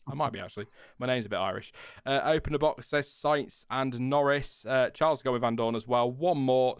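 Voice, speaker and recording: A man's voice: medium pitch, clean tone, no room sound, clean studio sound. A young man hosting a casual live-stream chat, reading out viewer comments with chatty asides and laughs. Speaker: podcast co-host.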